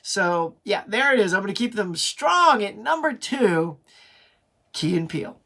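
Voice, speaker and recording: A man's voice: high-pitched, expressive, a little slow, creaky, sharp tone, slight background noise. A middle-aged man hosting his pop culture channel, talking in a chatty, enthusiastic way with frequent restarts. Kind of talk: casual video review.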